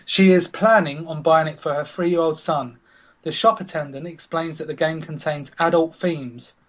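A man's voice: on the high side, steady tone, normal speed, muffled recording, a little hiss or hum. A man hosting a casual podcast chat, teasing his co-hosts and setting up scenarios. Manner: teasing, chatty, sets up scenarios. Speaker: podcast host.

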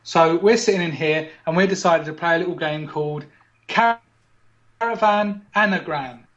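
A man's voice: on the high side, normal speed, a bit bright, dull audio. A man hosting a podcast, running a mock game show with teasing, playful patter like a quiz commentator. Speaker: podcast host.

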